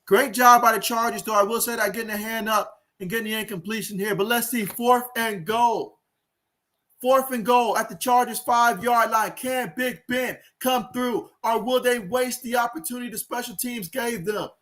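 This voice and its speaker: A man calling a football game play by play on his own livestream, excitable and chatty with his viewers. His voice sits very high for a man. He talks into a home streaming mic. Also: moderate pace. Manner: excitable, talks to viewers, reads out chat comments. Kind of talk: live play-by-play commentary.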